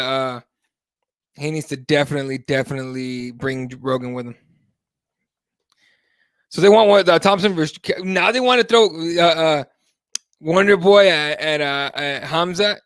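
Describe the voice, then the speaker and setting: A man with a fairly high voice hosts a live MMA talk show. He talks in a loose, animated way and swears freely. His voice is close and dry, with no room sound around it. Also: dry recording. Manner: casual, animated, swears freely, reads chat aloud. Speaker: host.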